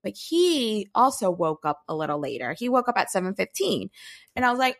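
A woman with a fairly high voice co-hosts a casual podcast. She tells her family stories in an animated, excitable way. She sounds like a busy mom in her thirties. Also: a little fast, creaky. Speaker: podcast co-host. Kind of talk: casual chat.

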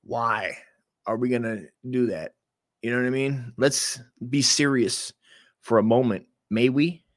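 A man's voice: mid-range voice, unhurried, no room sound, studio quality. A man hosting a podcast in a casual rant, rambling, swearing and cutting himself off mid-sentence. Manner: rambling, profane, self-interrupting. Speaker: podcast host.

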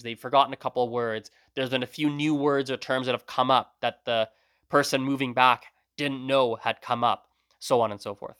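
A man's voice: mid-range voice, sharp tone, dry recording, clean studio sound. A man hosting a language learning podcast, talking casually in a rambling, self-correcting way. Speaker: podcast host. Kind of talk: casual solo monologue.

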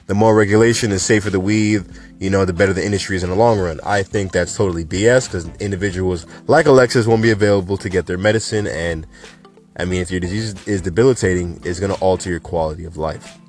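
A man hosting a casual cannabis news show, talking in an animated, chatty and emphatic way. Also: low-pitched, quick pace, soft background music.

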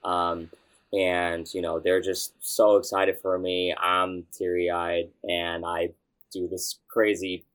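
A young youth pastor tells a story during a casual interview, animated and excitable with occasional bursts of shouting. His voice is low and he takes his time.

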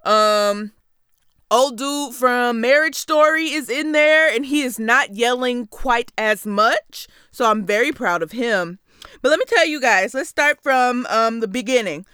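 A woman's voice: on the high side, lively intonation, measured pace, pushed and bright, clear, resonant tone, dry recording, clean studio sound. A young woman hosting a casual comedic film review from a basement podcast setup, sassy and playful, with sudden whooping outbursts. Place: basement home studio.

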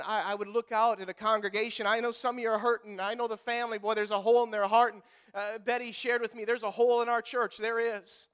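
A male pastor preaching a sermon in a church, swinging from loud emphatic lines to hushed ones and repeating words when worked up. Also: extremely high pitch, fairly quick, clear, resonant tone.

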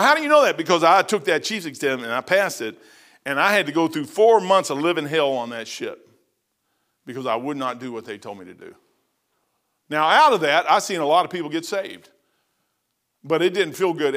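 A middle-aged man preaches informally and weaves in stories from his own life. His voice sits high for a man. He talks in a folksy, emphatic way and keeps throwing in "man.". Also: expressive, brisk, fairly bright tone.

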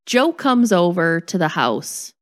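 A woman co-hosting a podcast, telling a lively, self-mocking story in a casual chat. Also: lowish voice, slow pace.

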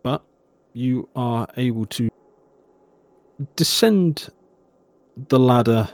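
A man running a tabletop horror game as game master, narrating in a measured, descriptive way with some hesitations. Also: mid-range voice, expressive, no echo.

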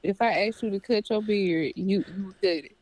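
A woman's voice: medium pitch, moderate pace, darkish tone, dry recording. A woman who is a guest on a podcast and the co-host's wife, chatting casually in an amused, questioning way. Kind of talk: casual chat.

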